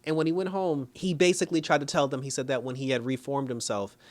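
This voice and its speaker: A young man giving a casual, animated review of a TV episode, retelling scenes by quoting the characters and laughing often. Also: medium pitch, fast talker. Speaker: TV show reviewer. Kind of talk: casual spoken recap and review.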